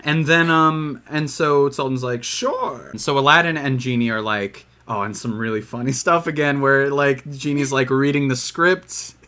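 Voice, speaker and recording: Guy cohosting a podcast, bright voice, lots of uh and like, goes off on tangents. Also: mid-range voice, smooth. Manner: rambling, many fillers and restarts, quick quoted voices. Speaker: podcast co-host. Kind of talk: casual movie discussion.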